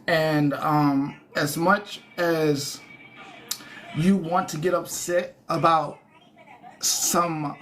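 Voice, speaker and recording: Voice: medium pitch, steady tone, extremely slow, fairly bright tone, slight background noise. A livestreamer ranting at viewers in a profane, taunting, repetitive way, speaking into a phone indoors at home.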